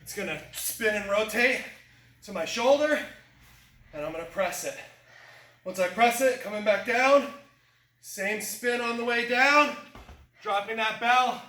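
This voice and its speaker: High-voiced male fitness coach, echoey room. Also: measured pace, long pauses, bright, forceful tone, far from the mic. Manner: encouraging, cueing moves step by step. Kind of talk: workout instruction. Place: gym.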